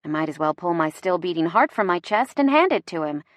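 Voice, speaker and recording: A woman's voice: on the low side, a little fast, no room sound, studio quality. Woman narrating a romance audiobook. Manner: expressive and playful.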